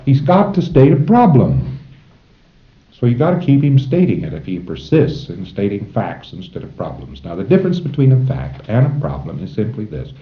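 A man's voice: lowish voice, sing-song, moderate pace. A man lecturing a class of trainees in a folksy way, chuckling now and then and acting out short exchanges between tutor and student. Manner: folksy, chuckling, acts out dialogues. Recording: roomy, dull old lecture tape.

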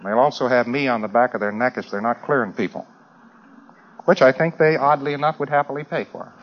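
A man's voice: medium pitch, brisk. An American man giving a humorous talk to a live audience, rambling with dry asides. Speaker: lecturer. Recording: dull lo-fi old recording.

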